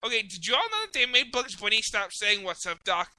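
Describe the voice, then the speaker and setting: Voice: medium pitch, expressive, a little fast, bright, forceful tone, no room sound, rough recording. A podcast host ranting in casual profane chat, rambling and apologizing as they go. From Mexican heritage.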